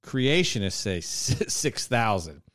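A man explains things in a rambling, hesitant way during casual comedic chat. His pitch moves around a lot, and the recording is dry and close. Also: big pitch swings, takes it slowly, fairly bright tone, no echo.

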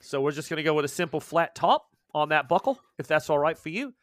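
A man's voice: fairly high pitch, expressive, fast talker, a bit bright, no echo, studio quality. A man voicing a fussy, chatty male shopkeeper in a tabletop game. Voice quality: eager, fussy about details.

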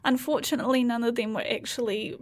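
A woman's voice: on the high side, fairly even intonation, fast talker, no room sound. A woman, co-hosting a podcast in casual chat, rambling and restarting as she explains. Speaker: podcast co-host.

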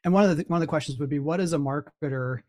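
A man's voice: on the high side, rapid-fire, a little mellow, no room sound. Talkative male guest, dry close sound. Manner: talkative, repeats words while thinking. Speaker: podcast guest. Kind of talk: casual interview talk.

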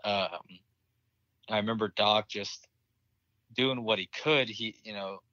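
Speaking slowly in a lowish, sharp-toned voice, a young man who served in the military recounts a war story as an interview guest. He's casual and candid, cursing freely and laughing at dark moments, and the audio is dry and dull.

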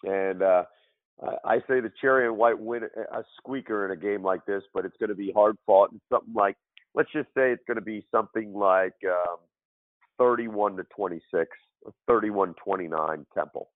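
A man who is losing his voice, a podcast guest talking football in casual chat, with halting speech and repeated words. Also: lowish voice, no room sound. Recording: tinny phone line.

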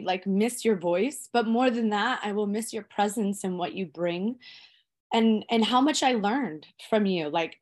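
A woman co-hosting a podcast, speaking heartfelt and rambling in casual chat. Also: medium pitch. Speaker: podcast co-host.

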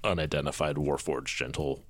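A man playing in a tabletop game, chatting casually and haltingly with many fillers. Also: a bass voice, fairly even intonation, no room sound. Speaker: player.

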